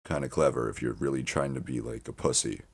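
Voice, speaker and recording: A man's voice: a bass voice, fairly even intonation, fast, husky. A man hosting a podcast, talking in a meandering casual monologue full of restarts and swearing. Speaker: podcast host.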